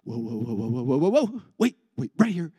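A man voicing Adam as a steady man who urgently calms his wife and takes charge. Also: mid-range voice, fairly quick, slightly rough, no echo, clean studio sound, pitched below the performer's own voice. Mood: urgent, commanding. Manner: urgent, calming, commanding.

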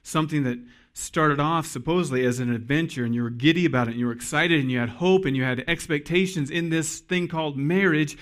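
A man in his forties, a pastor preaching a sermon to his congregation in an earnest storytelling manner, pausing for emphasis. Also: a little high, fairly bright tone. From Iowa.

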